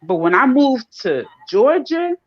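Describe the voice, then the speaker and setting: A woman from the northern United States talking in a casual panel chat, an animated storyteller who acts out other people's voices. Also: high voice, a little slow. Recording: dull lo-fi sound.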